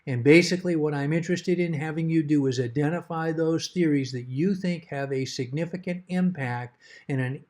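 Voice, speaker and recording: A middle-aged man explaining a course assignment in a measured, emphatic way, repeating key words to stress them. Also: a little high, a little mellow. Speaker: course instructor. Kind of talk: recorded course assignment overview.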